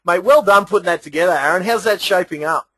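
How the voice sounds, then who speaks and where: A man's voice: sits high, fast talker, fairly bright tone, breathy edge, no room sound. An Australian man hosting a web training webinar, talking in an enthusiastic, promotional way. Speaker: host, sales trainer.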